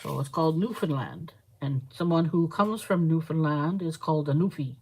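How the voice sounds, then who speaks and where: A woman's voice: low-pitched, normal speed, dark tone, breathy edge, rough recording. A woman hosting a casual live stream, rambling and chatting with viewers as she reads their comments aloud. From Canada. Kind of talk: casual live-stream chat while crafting.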